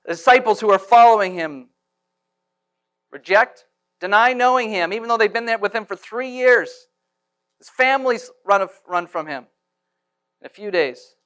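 A man preaching a sermon in church, swinging from hushed to loud and asking rhetorical questions. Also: high-pitched. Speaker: pastor.

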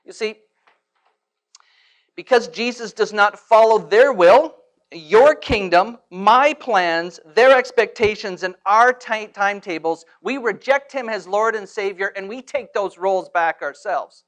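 High-pitched guy preaching in church, dramatic, goes quiet then loud. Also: measured pace. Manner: rhetorical questions and repetition. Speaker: pastor. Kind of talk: sermon.

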